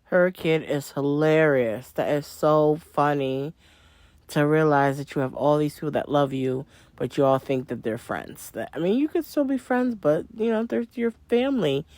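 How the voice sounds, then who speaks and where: A woman's voice: deep voice, animated, moderate pace, darkish tone, no room sound. A woman hosting a reaction channel with upbeat, simple intro and outro patter. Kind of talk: casual video intro and outro.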